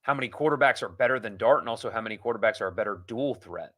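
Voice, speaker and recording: A man's voice: lowish voice, lively intonation, rapid-fire, a bit bright. A man hosting a live sports talk show, reading viewer comments and rambling through opinions with frequent restarts. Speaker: sports podcast host. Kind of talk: casual live-stream chat reading comments.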